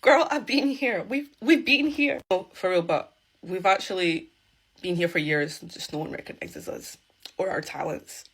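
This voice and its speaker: A woman's voice: lowish voice, normal speed, fairly bright tone, slightly rough, rough recording. A woman from Scotland chatting to camera in a wry, indignant tone. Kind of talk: casual chat to camera.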